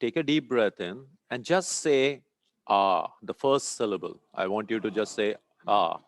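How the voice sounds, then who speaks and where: A man leading a group in a meditation and chanting lesson, speaking calmly, giving steps and checking in often with "okay?". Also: lowish voice, moderate pace, no echo. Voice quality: sweating, a little warm. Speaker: meditation teacher. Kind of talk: guided breathing and chanting lesson.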